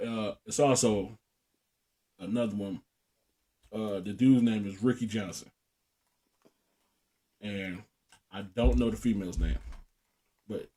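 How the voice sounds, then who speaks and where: A man's voice: lowish voice, dark tone. A young man co-hosting a podcast, telling a profane story in casual chat and laughing often. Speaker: podcast co-host.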